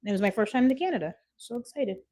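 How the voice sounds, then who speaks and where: A woman's voice: on the high side, lively intonation, fast, warm tone. Woman, 30s, from Washington State; casual phone live-stream host, chatty, reads comments, laughs easily. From Washington State, USA.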